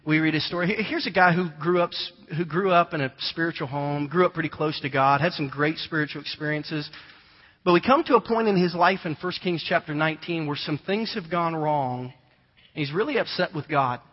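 A man, preaching a conversational sermon and telling stories with animated voices. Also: a little high, a little fast. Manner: conversational storytelling, animated imitations of children. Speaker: pastor. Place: large church hall. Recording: long hall reverb, dull lo-fi sound.

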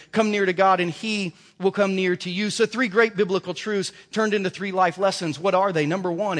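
A man's voice: high-pitched, a bit bright. A male pastor delivering a sermon in an emphatic, storytelling way. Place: church sanctuary. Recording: reverberant church hall.

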